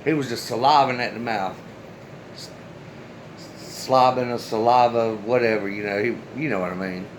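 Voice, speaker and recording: A man's voice: medium pitch, fairly even intonation, normal speed, slight background noise, poor audio. A man casually telling a personal story straight to his viewers, loose and chatty, with the odd swear word. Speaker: storyteller, channel host.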